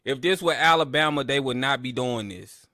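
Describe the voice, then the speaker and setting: A man's voice: medium pitch, normal speed, sharp tone, dry recording, studio quality. A man hosting a live sports listen-along stream, chatting casually to his viewers, trash-talking rivals and ranting at the broadcaster. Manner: boastful trash talk, then ranting complaints; talks straight to his chat audience. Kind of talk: casual live fan commentary.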